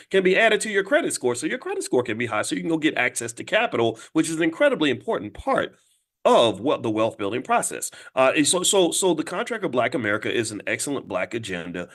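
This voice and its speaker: A middle-aged man giving an animated talk to an audience, emphatic, acting out little dialogues as he goes. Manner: fast, emphatic, acts out dialogue with jumps in pitch. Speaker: finance commentator addressing an audience. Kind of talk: animated monologue.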